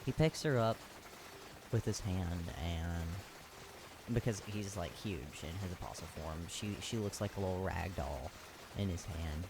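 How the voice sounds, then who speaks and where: Male comedic ranter, lowish voice, swears freely, sarcastic slangy recap, noisy recording. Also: unhurried. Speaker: youtuber recapping an anime.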